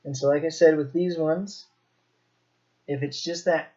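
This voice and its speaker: A man teaching Mandarin pronunciation in a slow, demonstrative way, repeating each sound. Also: a little high, steady tone, highs cut off. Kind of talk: pronunciation lesson.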